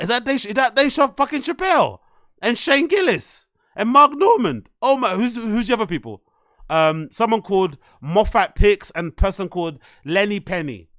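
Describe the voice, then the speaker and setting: A man hosting a live reaction stream, excitable and swearing often as he laughs along. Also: high-pitched, no echo, clean studio sound. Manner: excitable, swears heavily, laughs at own remarks. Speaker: streamer host.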